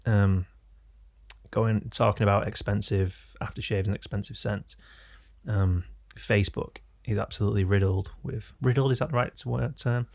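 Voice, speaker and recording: A man's voice: fairly low pitch, fairly even intonation, normal speed, gravelly, a little mellow. A young man with an Oldham accent, co-hosting a podcast and telling rambling anecdotes in casual chat. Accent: Oldham, northern English. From England. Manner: rambling anecdotes, self-correcting. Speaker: podcast co-host.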